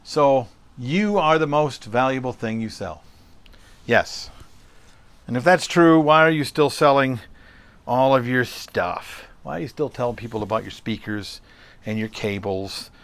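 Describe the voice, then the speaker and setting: A man's voice: medium pitch, measured pace, fairly bright tone. A middle-aged man hosting a solo podcast, talking conversationally and telling a story with rhetorical questions. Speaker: podcast host.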